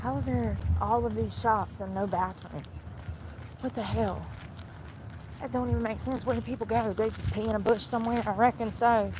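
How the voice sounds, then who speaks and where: Woman filming herself walking around outside, chatty and folksy, phone mic, loud street noise all around. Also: on the high side, fairly even intonation, moderate pace. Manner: chatty, exclaiming, folksy slang. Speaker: field streamer. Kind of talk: casual walking commentary. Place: outdoors by a waterfront street.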